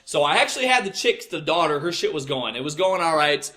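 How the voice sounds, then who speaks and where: A man's voice: on the high side, very animated, brisk, pushed and bright. A young man telling a crude work story, exasperated and swearing constantly. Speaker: podcast host. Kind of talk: profane storytelling rant.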